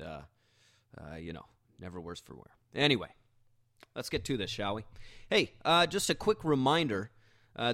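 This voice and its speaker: A podcast host tells an embarrassing story as a casual monologue, rambling, poking fun at himself and restarting often. His voice is medium-pitched and a bit bright, recorded clean in a studio with no echo.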